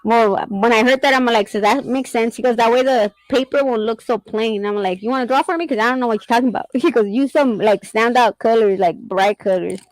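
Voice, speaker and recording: A woman's voice: on the high side, a little fast, hardly any pauses, dry recording, poor audio. A middle-aged woman chatting casually and rambling, often laughing as she tells stories about her son. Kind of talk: casual chat.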